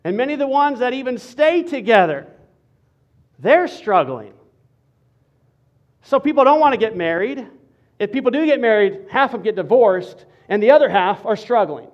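A man preaching as a pastor, playful and animated, joking with the congregation between serious points. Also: very high voice, normal speed, pauses often, muffled recording. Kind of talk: sermon with humor.

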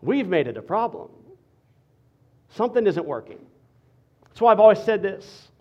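A man preaching as a pastor, playful and animated, joking with the congregation between serious points. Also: high voice, normal speed, muffled recording. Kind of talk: sermon with humor.

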